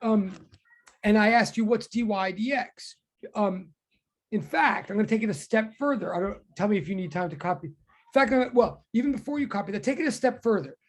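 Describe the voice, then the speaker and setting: A woman teaching a physics class online, talking in quick self-correcting bursts. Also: medium pitch, expressive.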